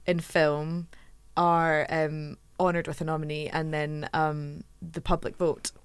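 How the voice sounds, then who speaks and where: A Scottish woman hosting a casual podcast chat, chatty and quick to laugh at herself. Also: low-pitched, flat delivery, smooth, no room sound. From Scotland. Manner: chatty, laughs often, self-mocking asides. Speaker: podcast host.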